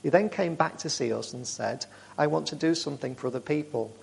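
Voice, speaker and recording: A man speaking to a church group, telling warm, rambling stories with frequent restarts. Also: on the high side, brisk, creaky, a little hiss or hum. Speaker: charity speaker.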